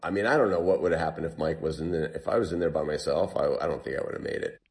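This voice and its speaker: A man telling a long survival story in an interview, retelling what people said in lively bursts. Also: rumbling low, racing. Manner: animated retelling, quotes himself and others.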